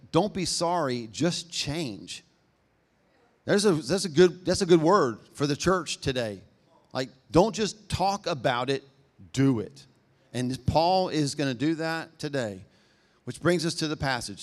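A man preaching a sermon, talking fast and conversationally with a self-deprecating humor. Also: a little high. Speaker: pastor.

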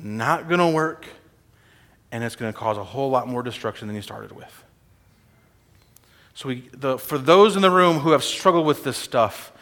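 A man preaching a sermon to a congregation in a church, animated and informal, often laughing. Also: mid-range voice. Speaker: guest preacher. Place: church sanctuary. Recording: long hall reverb.

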